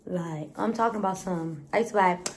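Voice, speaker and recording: A woman's voice: lowish voice, a little fast, husky. A woman in her twenties with an American accent, telling stories in a casual, blunt vlog and swearing freely. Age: 20s. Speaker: vlogger.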